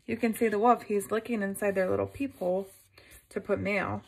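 A woman reading a picture book aloud to children, gently stopping to ask her listeners questions. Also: medium pitch, steady tone, fairly quick, noisy background.

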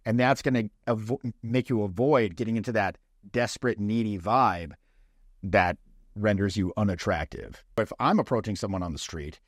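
A man coaching dating in a casual, blunt way, swearing freely and acting out quick mock lines. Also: fairly low pitch, dry recording, clean studio sound.

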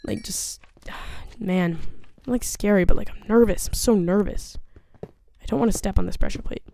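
A woman's voice: mid-range voice, moderate pace, vocal fry, dark tone, a little hiss or hum. A woman commentating her own gameplay, talking nervously to herself and to the monsters on screen. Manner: jumpy, nervous, chattering to herself and the game. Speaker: gaming video host. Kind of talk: let's play commentary.

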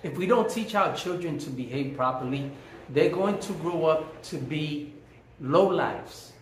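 A man's voice: on the high side, lively intonation, measured pace. Emphatic man telling a story in an echoey room. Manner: emphatic, preachy, repeats phrases for effect. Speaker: vlogger. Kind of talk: personal storytelling monologue. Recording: echoey room, faint background hum.

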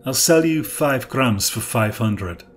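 A man's voice: mid-range voice, animated, faint music behind. A man reading as a cold, menacing man of about sixty. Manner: cold, slow, terse.

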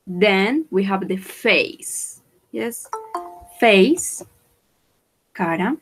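A woman teaching English vocabulary, repeating each word slowly for pronunciation and switching into to explain. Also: medium pitch, animated, a bit bright, husky, soft background music, rough recording. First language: Spanish. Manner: slow, repeats words for pronunciation. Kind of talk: bilingual vocabulary lesson.

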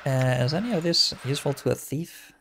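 Wry, gravelly-voiced gaming host. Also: male voice, fairly high pitch, animated, brisk, a bit bright, slight background noise. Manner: wry, muttering asides. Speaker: let's play host. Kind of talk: casual game commentary and text reading.

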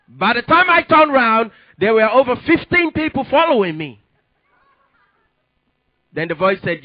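A man preaching a sermon and telling his testimony, with emphatic delivery that rises to sudden loud peaks. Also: sits high, very animated, moderate pace, no room sound, lo-fi sound. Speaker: pastor.

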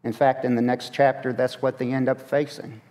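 A man's voice: medium pitch, level tone, moderate pace, darkish tone. A man preaching a conversational sermon in a church, asking the congregation questions as he goes. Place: church sanctuary. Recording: long hall reverb.

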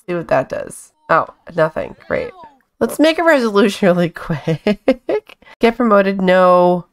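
A woman's voice: on the low side, wildly swooping pitch, measured pace. A woman hosting a casual let's-play, chatting along and coaxing her characters with pet names. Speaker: gaming channel host.

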